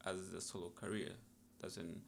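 A man's voice: low voice, flat delivery, moderate pace, vocal fry, a little hiss or hum. A young man, a musician, telling his story in a casual podcast interview in a laid-back, reflective way. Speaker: musician guest.

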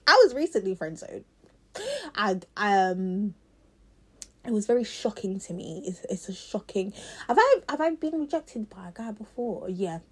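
A young woman with a South London accent talks straight to her viewers, chatty and animated. Her voice sits mid-range for a woman, and she spills out the story with plenty of fillers and laughter along the way. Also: mid-range voice, slightly rough. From South London, England. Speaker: vlogger. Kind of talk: casual storytelling to camera.

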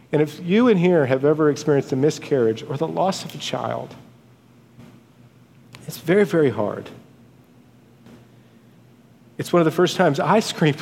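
A male pastor preaches in an earnest, conversational way, his fairly high voice carrying a long reverb through a large church hall. He slips easily into personal stories between readings. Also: darkish tone. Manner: earnest and conversational, storytelling asides. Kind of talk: sermon.

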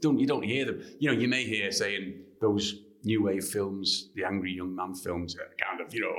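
A man from Liverpool with a Liverpool accent, a guest author telling anecdotes in an interview in an animated way. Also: fairly low pitch. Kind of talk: interview storytelling.

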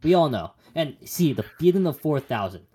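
A man's voice: on the high side, sing-song, moderate pace, dark tone, breathy edge. A young man co-hosting a podcast, chatting casually about Bible passages in a rambling, joking way with many restarts. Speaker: podcast co-host.

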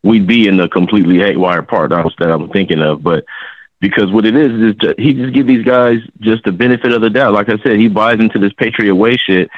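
A man's voice: fairly low pitch, fast, no echo, narrow, tinny audio. A man, a guest, ranting heatedly and swearing a lot in casual sports talk on a podcast. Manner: fired-up, ranting, heavy swearing. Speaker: guest commentator.

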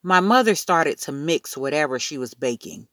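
A woman reading a children's story aloud in an expressive, unhurried narrating voice. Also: deep voice, no echo, studio quality. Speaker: audiobook reader.

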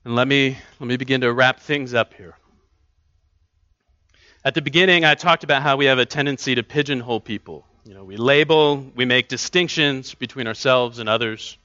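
Male pastor, earnest conversational sermon, bright tone, dull dry recording. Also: mid-range voice, brisk, no echo. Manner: earnest, conversational preaching with repeated restarts. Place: church.

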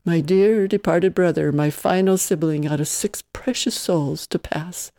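A pompous older aunt, put on by a reader, speaking in a grandiose, pseudo-cultured manner. The voice is dark and mellow, close and dry. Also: mid-range voice, measured pace, dry recording, close to an everyday voice. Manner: affected, grandiose.

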